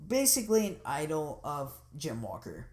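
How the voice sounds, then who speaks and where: A woman's voice: sits low, normal speed. Rambling, chatty woman commenting on a game. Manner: rambling, loose and chatty with many fillers; excited and enthusiastic. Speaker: gameplay commentator. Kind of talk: casual video game commentary.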